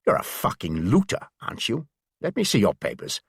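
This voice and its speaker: Man voicing burly uniformed German, bullying, swearing, low, dry booth sound. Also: wildly swooping pitch, normal speed, creaky, fairly bright tone, slightly rough, dry recording, heavily acted. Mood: hostile. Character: huge angry German man in dark uniform.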